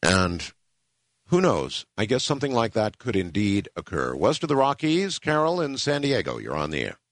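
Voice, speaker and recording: A man hosting a late-night call-in radio show, talking in a slow, musing way. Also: lowish voice, wildly swooping pitch, dry recording. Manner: slow, musing, drawn-out delivery. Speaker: radio talk show host.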